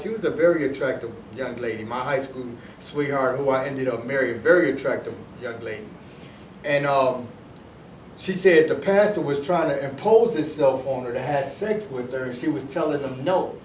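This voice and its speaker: Rambling man, echoey room from far off. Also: on the high side. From Detroit. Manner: rambling, repeats himself, restarts sentences. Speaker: storyteller recounting his past. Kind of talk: casual personal storytelling. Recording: echoey room, voice heard from off the mic, faint noise.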